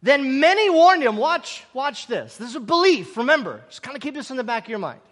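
High, bright preacher in a reverberant hall. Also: male voice, very animated, brisk. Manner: repetitive, emphatic, draws in the audience. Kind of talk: sermon.

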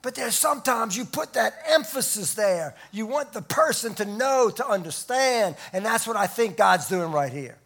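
A man preaching a sermon, stressing key words loudly and dropping to hushed asides. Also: high voice, lively intonation, normal speed, few pauses. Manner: emphatic, swinging between loud stresses and hushed asides. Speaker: pastor.

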